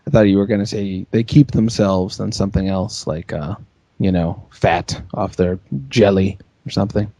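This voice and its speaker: A man hosting a casual comedy podcast, playful and quick to laugh, riffing on his co-hosts' jokes. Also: low-pitched, level tone, dark tone, no room sound. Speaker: podcast host.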